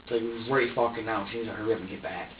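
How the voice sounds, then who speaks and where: A man's voice: on the low side, fairly even intonation, fast talker, slight background noise. A man under police interrogation, talking in an agitated, rambling way and swearing heavily. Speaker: interrogation suspect. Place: interrogation room. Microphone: distant room mic. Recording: dull echoey room audio from far off.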